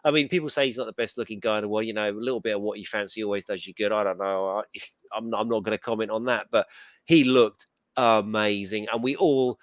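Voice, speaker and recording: Co-host, man, lowish voice, chatty and rambling, dry sound. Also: steady tone, dry recording, highs cut off. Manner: chatty, rambling, quick asides. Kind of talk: casual pop culture chat.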